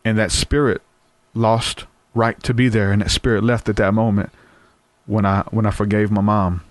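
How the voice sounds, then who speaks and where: Earnest low-voiced man telling a story. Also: flat delivery, normal speed, dry recording. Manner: earnest, conversational, frequent fillers and restarts. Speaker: guest sharing testimony. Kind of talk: casual storytelling.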